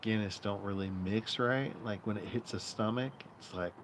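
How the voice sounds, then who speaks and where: Male streamer host, lowish voice, loose rambling profane chatter, outdoor noise behind. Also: moderate pace. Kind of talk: casual live-stream chat. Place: outdoor patio.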